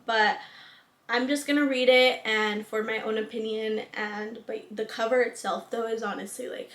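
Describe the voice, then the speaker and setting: Young female book vlogger, chatty and gushing, slightly high voice, echoey room. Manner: chatty, filler-heavy, gushing. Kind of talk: casual book haul chat.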